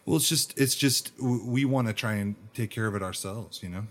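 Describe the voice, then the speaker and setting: An American man co-hosting a podcast, talking in an animated, joking way. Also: lowish voice, a little fast. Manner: animated, joking, self-deprecating. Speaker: podcast co-host. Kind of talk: casual chat.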